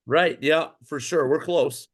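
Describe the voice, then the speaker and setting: A former pro goalie from Minnesota, appearing as a podcast guest, talks casually through a meandering career story riddled with "um"s and restarts. He speaks at a measured pace in a voice a little high for a man, animatedly tumbling from point to point.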